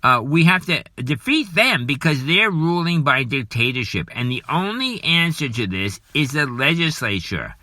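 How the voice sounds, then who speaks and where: A man's voice: a little high, sing-song, moderate pace, hardly any pauses, pushed and bright, dry recording. A man hosting a podcast, giving an indignant, repetitive political monologue and scolding. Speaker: podcast host.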